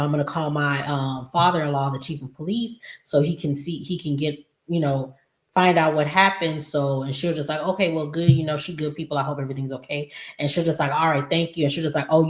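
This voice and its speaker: Female recap host, low voice, chatty and exasperated, casual talk, roomy echo. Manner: chatty, exasperated asides to characters. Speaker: soap opera recap host.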